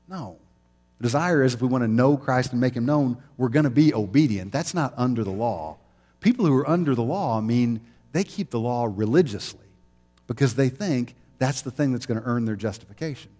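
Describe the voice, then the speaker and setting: A man's voice: medium pitch, animated, fairly quick, mellow, in a large hall. Male pastor, mid-range voice, chatty storytelling sermon. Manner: conversational storytelling, laughs easily.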